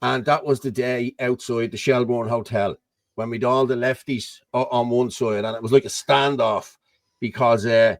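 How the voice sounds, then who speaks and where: Irish man, rambling host, dry close sound, webcam mic, middle pitch. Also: fairly even intonation, normal speed, no echo. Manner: rambling, keeps saying "you know what I mean". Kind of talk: casual chat on a video call.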